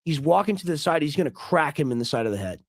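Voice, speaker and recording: A man's voice: on the high side, sing-song, fast, slight background noise. A man giving emphatic, argumentative commentary on a clip as a stream host, often repeating himself. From United States.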